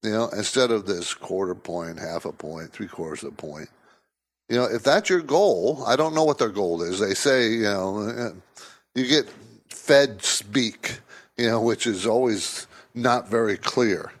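Man, talk radio host, financial commentary, emphatic and repetitive, lively pitch. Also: measured pace.

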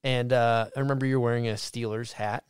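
A man's voice: medium pitch, fairly even intonation, fast talker, smooth, no room sound, studio quality. A man from Massachusetts hosting a podcast in casual chat, swearing freely and telling stories with gusto. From Massachusetts, USA. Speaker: podcast host.

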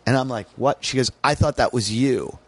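Man from the US, comedian guest, casual podcast storytelling, animated, mid-pitched voice. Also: moderate pace, husky, no echo. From United States.

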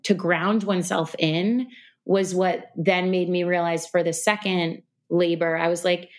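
A woman guest on a podcast, talking in a relaxed, reflective way, with lots of fillers. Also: lowish voice, measured pace. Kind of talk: casual interview conversation. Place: New York City.

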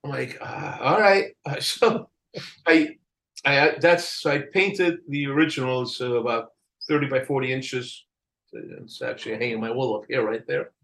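An older man telling a story in a casual interview, animated, acting out the people he quotes and laughing often. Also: medium pitch, unhurried, vocal fry, rough recording. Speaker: album cover artist telling a story.

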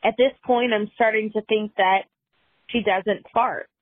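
A woman's voice: mid-range voice, steady tone, a little slow, no room sound. Woman caller asking a question, earnest and a bit hesitant, thin phone-line sound. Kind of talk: recorded call-in question.

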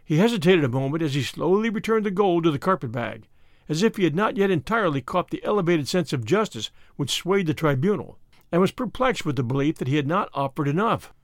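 A man narrating a classic short story in an expressive storytelling manner. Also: fairly high pitch, fairly quick, dry recording, clean studio sound.

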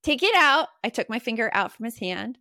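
A middle-aged woman tells family stories on a podcast in a lively, swooping voice, acting out quotes as she goes. Her pitch sits a little high, and the sound is close and dry. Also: fairly quick, no echo. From Arizona, US. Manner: animated storyteller, acts out quotes. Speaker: podcast co-host. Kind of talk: casual chat.

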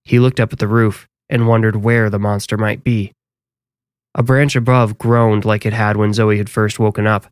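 A man reading a scripted horror story aloud, with measured, dramatic storytelling. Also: fairly low pitch, flat delivery, clear, resonant tone, dry recording, studio quality.

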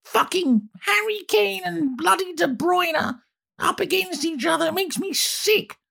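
A man's voice: extremely high pitch, measured pace, creaky, bright, forceful tone, pitched above the performer's own voice, exaggerated voice. A man putting on the voice of an elderly, posh, foul-mouthed queen who grumbles in disgust. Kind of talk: comic impression in a satirical monologue.

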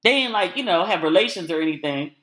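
Woman podcast host, crisp bright tone, chatty and blunt opinions. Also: on the low side, expressive, quick pace. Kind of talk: casual solo chat.

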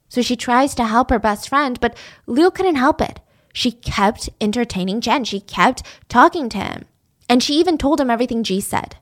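A woman's voice: fairly high pitch, lively intonation, moderate pace. A young woman telling a true-crime story in a casual, chatty way, full of "like". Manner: chatty, lots of "like".

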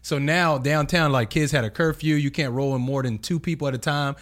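A man whose voice sits a little high. He races through his stories in a loose, animated, easy way. This is casual banter. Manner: quick, loose, animated storytelling. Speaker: podcast co-host. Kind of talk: casual chat.

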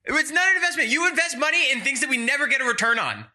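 A young man with a high, bright voice co-hosts a casual podcast. He tells stories with lots of energy and laughs often. His pitch moves around a lot as he talks. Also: quick pace. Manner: animated storyteller, laughs often. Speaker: podcast co-host. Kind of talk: casual chat.

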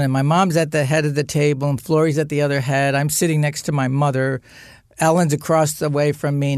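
A man, a podcast guest, telling a family story in an animated, profane way and acting out relatives' voices. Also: fairly high pitch, smooth, no echo, clean studio sound. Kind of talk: storytelling in conversation.

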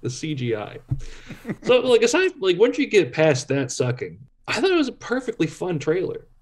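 A man's voice: high voice, wildly swooping pitch, fairly quick. A man on a casual film chat panel who talks animatedly, laughs often and stammers through restarts.

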